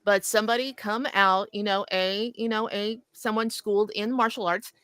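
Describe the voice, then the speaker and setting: A woman co-hosting a casual talk show, telling stories in an animated way and laughing often. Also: mid-range voice, normal speed, clear, resonant tone, dry recording. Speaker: co-host. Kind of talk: casual chat, storytelling.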